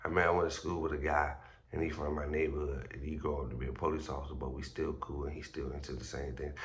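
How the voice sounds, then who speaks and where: A man's voice: a bass voice, level tone, quick pace. A man hosting a street news vlog, talking in a loose, slangy, profane way with stumbles, groggy as if just woken up. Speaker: street news blogger host. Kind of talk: casual vlog commentary.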